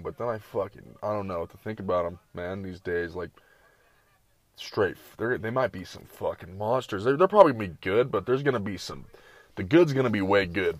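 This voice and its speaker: A man's voice: lowish voice, no echo. A man giving casual, rambling reaction commentary, full of profanity and slang. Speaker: streamer reacting to videos.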